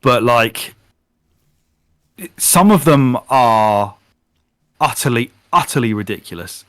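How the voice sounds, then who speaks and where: Man, podcast co-host, casual chat, animated, swears a lot, dry close sound. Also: medium pitch, takes it slowly, dry recording. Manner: animated, swears freely, laughing retelling. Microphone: podcast microphone.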